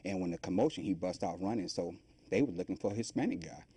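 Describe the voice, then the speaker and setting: A man's voice: low-pitched, quick pace, breathy edge, dry recording. A middle-aged man being interviewed about his life, telling it in a loose, rambling way and acting out the voices of the people in it. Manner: animated storytelling, acting out quoted voices; loose, rambling colloquial speech. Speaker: guest.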